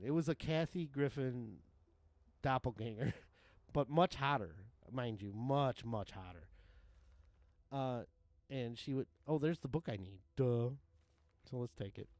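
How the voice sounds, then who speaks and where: A man's voice: medium pitch, expressive, unhurried, long pauses, a little mellow, dry recording. A man in his thirties or forties, rambling casually and profanely while streaming a game, with frequent laughs. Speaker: livestream gamer. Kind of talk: casual gaming commentary.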